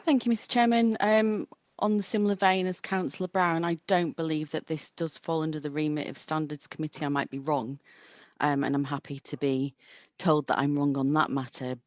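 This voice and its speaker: A woman's voice: deep voice, steady tone, a little fast, dry recording, studio quality. A woman speaking as a councillor in a formal committee debate over a video call, direct and firm.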